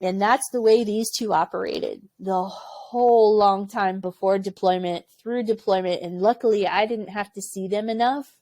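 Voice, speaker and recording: A woman's voice: mid-range voice, fairly even intonation, moderate pace, a little mellow, dry recording. A woman in her forties, an Army medic veteran, frankly telling war stories in an interview and acting out the people she quotes. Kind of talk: candid interview storytelling.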